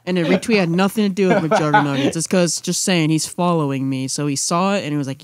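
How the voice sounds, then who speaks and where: A man's voice: on the high side, quick pace, few pauses. A man co-hosting a casual podcast and chiming in with joking, teasing remarks. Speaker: podcast co-host.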